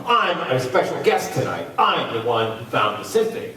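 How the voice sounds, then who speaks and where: An actor playing a hungry, dim-witted stagehand who delivers deadpan one-liners in a live dinner-theatre comedy. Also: male voice, mid-range voice, normal speed. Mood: defiant. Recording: echoey room from far off, loud noise.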